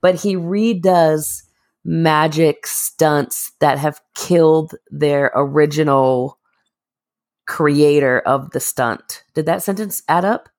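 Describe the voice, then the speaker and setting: A woman co-hosting a podcast, swearing freely as she tells animated stories in casual chat. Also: low voice, takes it slowly, no echo, studio quality. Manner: profane, animated storytelling. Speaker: podcast co-host.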